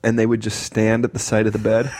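A man's voice: medium pitch, a little mellow, husky. A man in his thirties co-hosting a podcast, telling rambling stories in casual chat and laughing as he talks. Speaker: podcast co-host.

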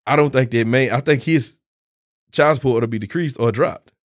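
A man's voice: medium pitch, brisk, dry recording, studio quality. A man, co-hosting a casual chat, blunt and joking. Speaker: podcast co-host.

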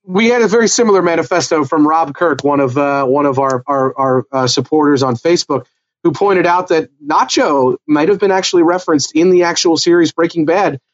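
A man's voice: on the high side, brisk, dull audio. A man co-hosting a casual TV recap podcast, talking things through in a thoughtful, analytical way. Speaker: podcast co-host.

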